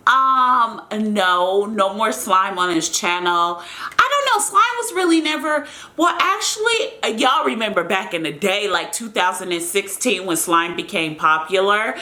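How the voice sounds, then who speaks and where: Young woman from the US, YouTuber doing a Q&A, casual and rambling, bright timbre. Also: medium pitch, very animated, a little slow. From United States. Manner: chatty, rambling, addresses viewers as y'all. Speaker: YouTuber answering viewer questions. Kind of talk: casual Q&A vlog.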